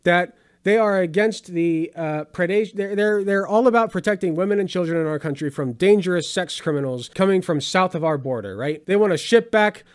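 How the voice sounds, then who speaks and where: A man's voice: high voice, a little fast, hardly any pauses, clear, resonant tone. A man hosting a political commentary show, talking in a sarcastic, conversational way with dry asides.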